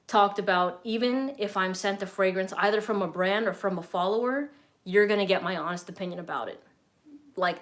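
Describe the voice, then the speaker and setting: A young woman from Southern California answering viewer questions in a casual live stream, chatty and blunt, swearing freely. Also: mid-range voice. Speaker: fragrance reviewer and streamer.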